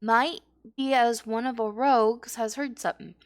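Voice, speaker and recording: A woman's voice: fairly high pitch, fairly even intonation, normal speed, lightly acted. A woman reading a sly rogue guild master. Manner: reads the lines aloud in rough old slang. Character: roguish male guild master, gruff and sly.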